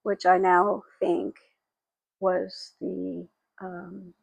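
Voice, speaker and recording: A woman in her sixties speaks slowly and haltingly, pausing often as she shares memories, her emotion close to the surface. Her voice is husky with a gravelly fry, recorded dry and close. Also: lowish voice, flat delivery, no room sound, low-quality recording. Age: 60s. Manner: halting and reflective, with frequent pauses and fillers; tearful and emotional. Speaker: spiritual vlogger. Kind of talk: personal memoir monologue.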